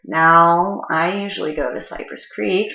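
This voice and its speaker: Woman storyteller, casual and foul-mouthed, rambling; low voice with a tense edge, slightly muffled roomy recording. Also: steady tone, unhurried, gravelly, pushed and bright. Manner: profane, rambling, frequent fillers.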